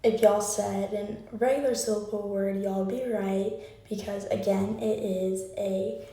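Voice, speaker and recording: A woman's voice: mid-range voice, steady tone, unhurried, mellow. A woman teaching a recorded phonics lesson, patiently asking the listener questions and leading clap-along counting drills. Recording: very echoey room, voice far from the mic.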